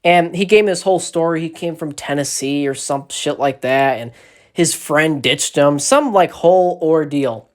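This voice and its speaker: A man casually telling a long, rambling story on a phone livestream, animated and swearing often. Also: fairly high pitch, normal speed. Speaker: social media creator.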